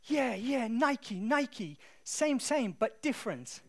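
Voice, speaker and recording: Man doing a thai market trader, thai accent, high-pitched, loud, haggling, indignant. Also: very animated, slow, exaggerated voice. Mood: breezy. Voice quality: high, loud, exaggerated protest.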